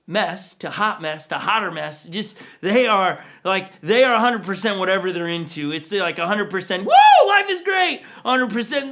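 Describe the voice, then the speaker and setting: During a church livestream, a pastor in his forties preaches loosely and conversationally in a high, bright, forward voice. He tells stories and acts out his family's quotes with sudden, big jumps in pitch.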